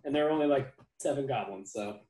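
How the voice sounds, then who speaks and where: A game master in casual chat during a break, animated, cooing at a pet and swearing casually. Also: medium pitch, fast, echoey room, rough recording.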